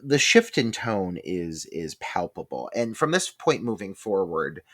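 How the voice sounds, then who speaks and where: Animated, bright-voiced male podcaster. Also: sits low, a little slow. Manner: animated, swearing freely. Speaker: podcast co-host. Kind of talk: casual film discussion.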